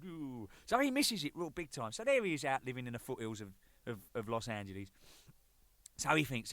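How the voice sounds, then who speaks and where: A man's voice: medium pitch, lively intonation, a little fast, fairly bright tone, dry recording. A man in his thirties telling cheeky, rambling anecdotes as a band drummer, with lots of swearing. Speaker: band drummer presenting a record. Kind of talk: jokey rambling monologue.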